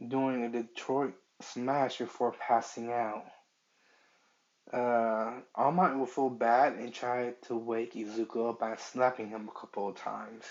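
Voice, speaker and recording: A man improvising a fan-fiction story, halting and searching for words as he goes, on a dull lo-fi recording. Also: medium pitch, steady tone.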